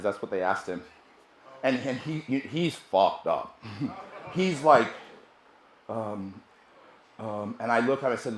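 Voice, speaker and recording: A man, a sales trainer, telling a brash, profane story at a seminar, swinging from hushed asides to loud bursts. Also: medium pitch, very animated, moderate pace, long pauses, reverberant.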